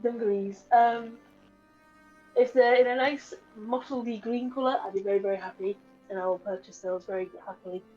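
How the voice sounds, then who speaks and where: A polite, eager woman player in a tabletop game, with a high voice. The sound is dull and muffled, with faint music behind it. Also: steady tone, moderate pace, dark tone.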